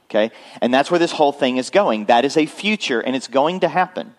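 A man's voice: medium pitch, lively intonation, fairly quick. Male pastor, conversational sermon delivery, frequent check-ins with the congregation. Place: church.

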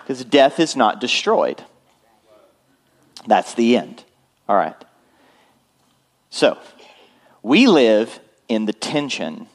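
Male pastor, conversational sermon delivery, frequent check-ins with the congregation. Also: medium pitch. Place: church.

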